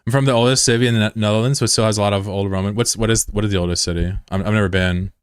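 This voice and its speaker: This game streamer from the United States speaks with a Mid-Atlantic American accent, chatting casually with his viewers and reading out their messages. His low voice is flat, laid-back and plain, a monotone he describes himself, yet his delivery is very fast and smooth. The recording is dry and close, with no room echo.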